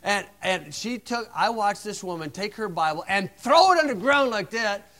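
Male preacher, high and bright, sarcastic anecdotal sermon delivery. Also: moderate pace. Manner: sarcastic, animated storytelling.

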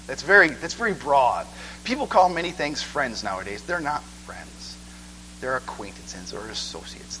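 A man preaching a sermon in church, conversational and animated, asking "okay?" again and again. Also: medium pitch, slight background noise, poor audio.

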